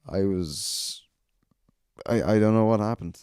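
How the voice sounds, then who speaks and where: A low, mellow-voiced Irish man in his thirties hosts a solo podcast. He tells stories in a rambling, sardonic way, swearing freely and circling back on himself. The sound is dry and close to the mic. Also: takes it slowly, smooth, dry recording. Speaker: podcast host.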